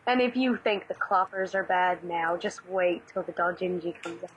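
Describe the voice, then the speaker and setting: A woman's voice: lowish voice, fairly even intonation, moderate pace, a little hiss or hum, rough recording. A woman in her twenties co-hosting a casual podcast over a Skype call, bantering and laughing easily while reading the news. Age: 20s.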